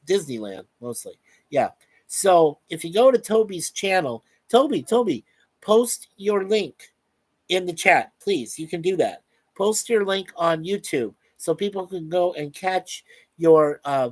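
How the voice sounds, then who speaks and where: A man's voice: fairly high pitch, dry recording. A man hosting a casual live stream, reading out viewer comments in a chatty, upbeat way. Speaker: show host.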